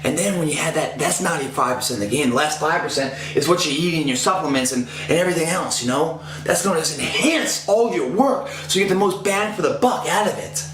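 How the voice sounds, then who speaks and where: Man, 30s, fairly high voice, intense profane motivational rambler; echoey room, faint hum. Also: quick pace, few pauses. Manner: intense, profane and rambling, voice rising when fired up. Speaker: fitness motivator. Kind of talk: casual motivational talk.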